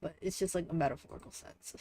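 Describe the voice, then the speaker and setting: A woman's voice: lowish voice, sing-song, fairly quick, mellow, breathy edge. A young woman on a live stream who chats loosely while she plays. Her talk rambles along in an offhand, unpolished way, with casual swearing thrown in. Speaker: livestreamer.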